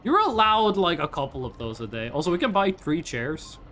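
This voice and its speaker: A woman's voice: deep voice, sing-song, fairly quick, a bit bright, a little hiss or hum. A woman from Norway, a native Norwegian speaker, ranting in casual livestream chat and swearing freely. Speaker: streamer.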